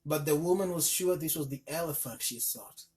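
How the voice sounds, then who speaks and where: A man's voice: fairly high pitch, normal speed, darkish tone. A man narrating a folk tale, reading steadily with small slips. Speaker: storyteller.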